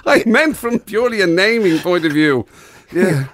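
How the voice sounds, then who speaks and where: This Irish man co-hosts a radio show and keeps the banter going with wry, teasing remarks. His voice sits a little high and moves a lot in pitch. The sound is close and dry, straight into a studio mic. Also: very animated, unhurried, fairly bright tone, no echo. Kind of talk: casual comedic banter.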